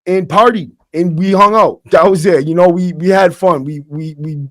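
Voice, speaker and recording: Over faint acoustic guitar music, a man with a high-pitched, fairly bright voice talks at normal speed in a casual storytelling monologue. He's a podcast host and ex-prisoner whose blunt, streetwise style includes frequent "bro"s and restarted sentences. The sound is dry and clean, studio-grade.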